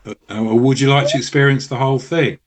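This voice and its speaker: Guest guy on a radio show, careful, measured, bit halting. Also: mid-range voice, fairly even intonation. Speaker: studio guest. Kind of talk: radio interview.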